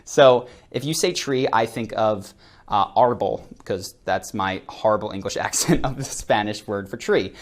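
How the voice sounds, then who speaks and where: A man's voice: lowish voice, normal speed, hardly any pauses. A man, probably in his thirties, teaching a recorded online lesson, speaking directly and encouragingly to the viewer. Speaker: charisma course instructor.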